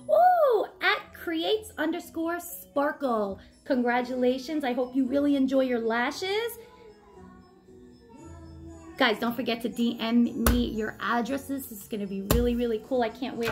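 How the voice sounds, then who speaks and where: A woman in her thirties hosting a casual vlog giveaway, bubbly and chatty, with excited asides. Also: a little high.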